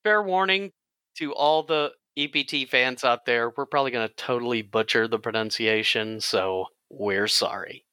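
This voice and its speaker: Bright-voiced male podcast host. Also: mid-range voice, moderate pace, clear, resonant tone, no room sound. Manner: jokey, explains game rules at length. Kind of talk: casual podcast chat.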